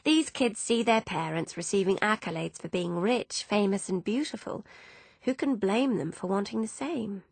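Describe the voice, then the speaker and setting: Narrator doing a tender, apologetic young woman director; slightly raised, gravelly, close and dry. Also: mid-range voice, moderate pace, no room sound. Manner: earnest, softly confiding.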